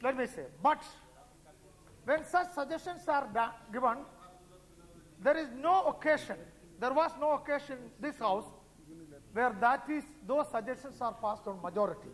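A man's voice: very high-pitched, lively intonation, normal speed, long pauses, fairly bright tone, big-room sound, rough recording. A man with an Indian English accent arguing in a parliamentary debate, insistent and repeating himself over interruptions. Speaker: member of parliament. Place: large parliament chamber.

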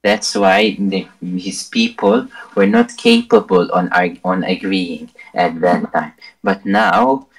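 Slow, gravelly, deep-voiced man. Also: animated, low-quality recording. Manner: hesitant, stammering. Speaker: debate guest. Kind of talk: online debate.

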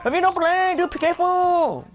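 A man's voice: very high voice, moderate pace. A teenage boy gaming and joking around in rowdy, rambling banter over a headset mic. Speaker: gamer. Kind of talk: casual gameplay banter.

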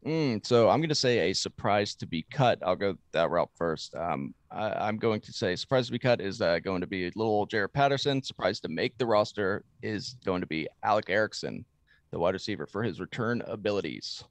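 A man co-hosting a casual sports podcast, joking around and teasing the others with quick comebacks. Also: fairly low pitch, animated, dry recording. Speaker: podcast co-host.

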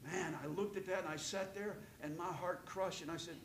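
A middle-aged man preaches a sermon in a voice pitched a little high. He leans hard into his points and asks for amens from the congregation. At other moments he drops to a soft, serious near-whisper. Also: fairly even intonation, normal speed, a little hiss or hum, poor audio. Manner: swings from loud emphatic preaching to hushed near-whisper; calls out "amen" to the congregation. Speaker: pastor.

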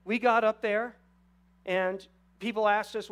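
A man's voice: high voice, takes it slowly, a bit bright. A man preaching as a guest pastor in a church, earnest and conversational, addressing the congregation with rhetorical questions. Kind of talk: sermon. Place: church sanctuary.

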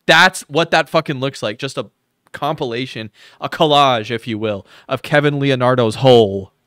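A man's voice: medium pitch, normal speed, a bit bright, no echo, clean studio sound. A man giving crude, sarcastic live reaction commentary on a video, thanking viewers as he goes.

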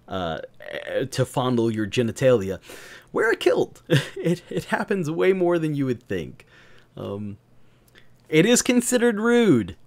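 A man from the American South telling a story, crude and joking, rambling with many fillers. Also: on the high side. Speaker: gaming channel host. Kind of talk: casual storytelling.

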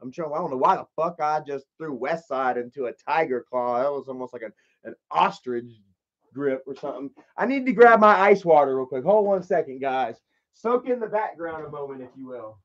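Young male streamer with a high voice, casual and rambling, swears freely; dull lo-fi audio. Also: expressive, brisk. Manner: rambling storyteller, swears freely, shouts when acting out a scene. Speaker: live stream host. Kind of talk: casual live stream chat, reading comments.

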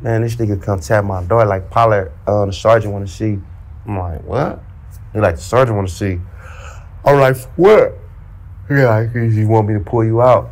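A man with a fairly low voice tells his story in loose, slang-heavy talk. He acts out the back-and-forth himself, with lively energy. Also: fairly quick. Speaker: storyteller recounting prison life. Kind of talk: casual storytelling in a played interview clip.

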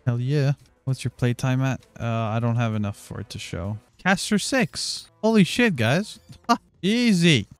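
Young male streamer, mid-pitched, crude and profane banter with chat, jumps into excited yelps over loot, casual gameplay commentary. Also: no echo. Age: 20s. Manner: crude, joking and profane, with sudden excited outbursts. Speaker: livestreamer.

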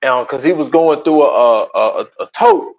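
A man's voice: medium pitch, moderate pace, narrow, tinny audio. A man co-hosting a podcast in casual chat, retelling a documentary in a rambling, slangy way with many restarts. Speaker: podcast co-host.

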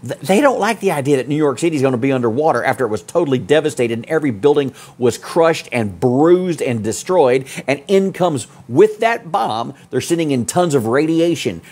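A man preaching a sermon as pastor, fiery, swinging from loud peaks to low asides. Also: expressive, brisk, few pauses, husky.

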